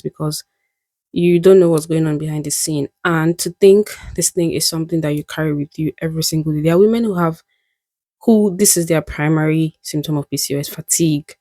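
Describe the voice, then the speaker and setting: A young woman with a low voice and a gravelly fry talks to camera in a candid, musing vlog. She often laughs at herself. The sound is dry and close. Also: a little mellow, dry recording. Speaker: vlogger. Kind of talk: reflective casual monologue.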